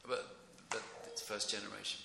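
A middle-aged man giving an informal devotional class in a temple room, rambling and excitable, often breaking into chuckles. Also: fairly low pitch, normal speed, creaky. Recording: echoey room with faint noise.

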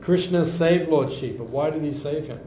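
Man, fairly high-pitched, chatty storyteller who repeats himself for emphasis; echoey room recording. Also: normal speed, warm tone, a little hiss or hum. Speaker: devotional class speaker. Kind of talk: informal scripture class with anecdotes. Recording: echoey room, slightly dull sound.

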